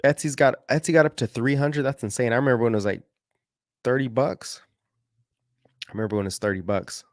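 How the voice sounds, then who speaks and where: A man talks his audience through stock charts in a loose, rambling way. He throws in slang and often stops to correct himself. His voice sits at an ordinary pitch, and the close mic sounds dry with no room echo. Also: brisk. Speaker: market analysis host. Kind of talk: casual chart commentary.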